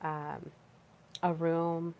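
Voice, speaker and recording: A woman's voice: low voice, little pitch movement, drawn-out words, creaky, a little mellow. A young woman hosting a solo podcast, talking casually and chattily, with fillers and repeated words. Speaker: podcast host.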